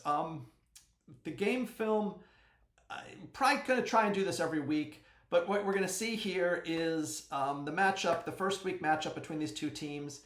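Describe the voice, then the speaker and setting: A man hosts a casual fantasy sports podcast, chatting and joking with the odd sudden yell. His voice is bright and a little high, and the room around him echoes. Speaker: podcast host.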